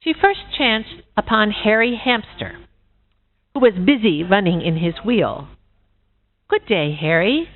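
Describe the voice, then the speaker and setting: Woman storyteller at a conference, animated pitch, tinny phone-like recording. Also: unhurried. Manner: expressive storytelling. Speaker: conference speaker. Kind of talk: reading a fable aloud.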